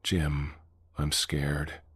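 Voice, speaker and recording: A man voicing a hollow monster that copies human voices, in a soft, eerily calm way. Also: extremely low pitch, very slow, slightly rough, no room sound, studio quality, full character voice. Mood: hollow mimicry.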